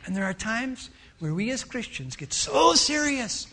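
A middle-aged male pastor preaching a sermon, telling stories and acting out voices in an animated way. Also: very high-pitched, unhurried. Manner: animated storytelling with acted-out voices.

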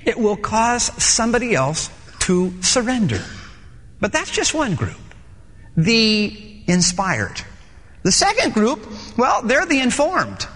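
A man preaching a sermon as pastor, emphatic, with repeated phrases and dramatic pauses, heard in a reverberant church hall. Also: high voice, sharp tone.

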